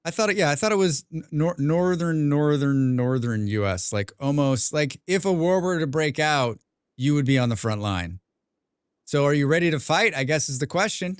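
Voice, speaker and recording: A young man streaming a game, chatting casually with his viewers, rambling and clearing his throat often. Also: mid-range voice, animated, normal speed, no echo, clean studio sound. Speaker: gaming livestreamer. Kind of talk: casual livestream chat while playing.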